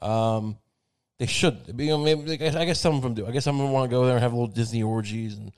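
A man's voice: mid-range voice, quick pace, darkish tone. A man delivering a rambling comedic monologue in a sardonic, crude tone. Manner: rambling and sardonic, with frequent fillers and crude swearing.

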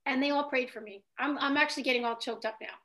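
Woman guest, high voice, chatty and halting storyteller. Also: fairly even intonation, sharp tone. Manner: chatty, hesitant storyteller with many restarts. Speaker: guest writer. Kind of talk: casual interview talk.

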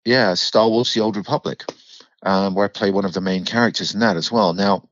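A man with a mixed British and American accent, chatting as an interview guest and telling animated stories, swearing freely. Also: on the low side, fairly quick, muffled recording, a little hiss or hum. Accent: mixed British and American, mid-Atlantic. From United Kingdom. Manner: animated storyteller, swears freely, acts out quoted voices. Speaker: actor and podcast guest. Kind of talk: casual interview chat.

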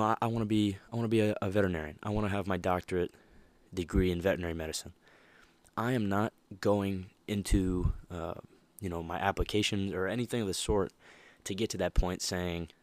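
Deep-voiced young man hosting a podcast. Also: no room sound. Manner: animated, emphatic, laughs often. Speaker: podcast host. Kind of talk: casual motivational monologue.

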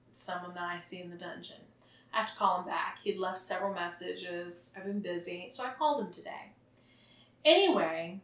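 A woman's voice: medium pitch, bright, forceful tone, distant mic. Woman, podcast host, profane, brash, roomy echo. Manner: brash, profane, laughing storyteller. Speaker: podcast hostess. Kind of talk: casual raunchy podcast chat. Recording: roomy echo, voice somewhat off-mic.

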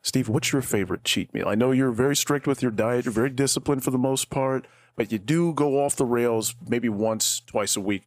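A man's voice: mid-range voice, normal speed, few pauses, a little mellow, no room sound. A man in his thirties co-hosting a casual podcast, full of joking, teasing banter. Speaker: podcast co-host.

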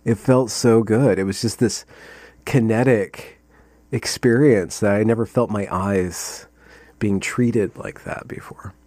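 A man's voice: on the low side, slow, a little mellow, dry recording. A man hosting a casual conversation, talking in a meandering, playful way and thinking aloud. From United States.

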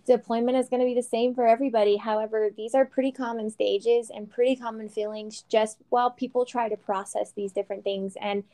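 A woman's voice: fairly high pitch, fairly even intonation, brisk, few pauses, dark tone. A woman in her thirties co-hosting a casual chat, frank and chatty, laughing often and swearing lightly. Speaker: podcast co-host.

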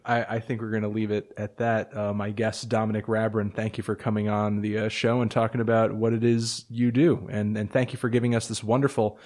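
A man's voice: on the low side, flat delivery, brisk, few pauses, a little mellow. A man hosting a podcast interview in casual chat, hesitant, with many fillers and restarts. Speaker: podcast host.

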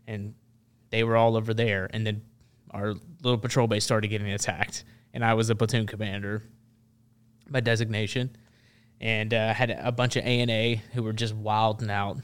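A man's voice: fairly low pitch, level tone, normal speed, smooth. A man, a military veteran, telling a story as a podcast guest in a loose, rambling way full of restarts. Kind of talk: casual storytelling.

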